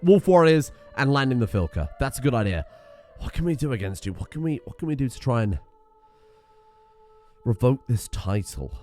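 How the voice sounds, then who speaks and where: Man, gaming streamer, casual commentary, swears a lot, easily sidetracked, mid-range voice, soft music in the background. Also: medium pitch, big pitch swings, moderate pace, long pauses. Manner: chatty, profane, easily sidetracked. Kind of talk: casual strategy game commentary.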